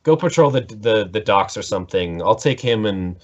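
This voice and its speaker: A man's voice: lowish voice, lively intonation, moderate pace. A man voicing a tough woman gang boss on a ship who speaks curtly and commandingly. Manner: curt and commanding. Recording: dull lo-fi mic.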